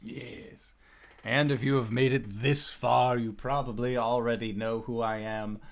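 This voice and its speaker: A man's voice: medium pitch, little pitch movement, a little slow, gravelly. Easygoing man hosting a game show. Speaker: host. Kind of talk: casual chat.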